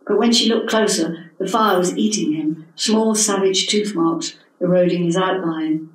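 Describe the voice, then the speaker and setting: A woman, reading her own story at a literary event in a measured, expressive way. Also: on the low side. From England. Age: 70s. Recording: echoey hall from a distant mic.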